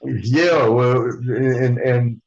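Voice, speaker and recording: A man's voice: medium pitch, very slow, a little mellow, highs cut off. Rambling man telling wrestling stories. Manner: rambling, swears freely, acts out quotes of others. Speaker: interview guest, former wrestler. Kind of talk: casual storytelling.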